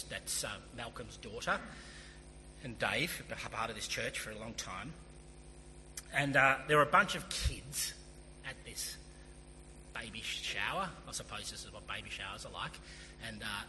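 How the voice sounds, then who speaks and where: A man preaching a sermon as pastor, earnest and emphatic, with casual asides. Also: mid-range voice. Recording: long hall reverb, faint hum.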